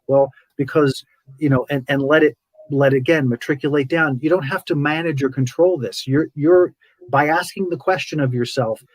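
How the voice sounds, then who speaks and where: A man's voice: medium pitch, darkish tone, no room sound, low-quality recording. A man hosting a podcast, talking casually and animatedly, acting out his inner voice and repeating words for emphasis. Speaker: podcast host. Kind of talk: casual spiritual talk.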